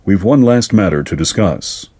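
A man voicing a courteous, sinister male fairy lord in a storybook reading, formal and measured. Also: lowish voice, expressive, dark tone. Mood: courteous menace. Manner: formal, measured, silkily polite.

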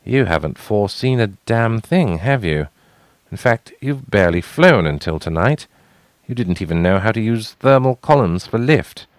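A man's voice: fairly low pitch, animated, moderate pace, dry recording, pitched above the performer's own voice, lightly acted. A man voicing a fierce, angry young half-dragon woman who speaks harshly.

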